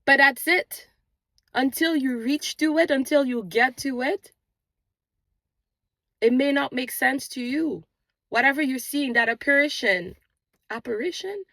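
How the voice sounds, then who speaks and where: Gravelly-voiced woman preaching spiritual encouragement. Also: high voice, measured pace, long pauses, fairly bright tone, no room sound. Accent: non-native English accent, origin unstated. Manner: earnest, repetitive preaching cadence. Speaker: manifestation channel host. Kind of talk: spiritual motivational talk. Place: outdoors on a morning walk.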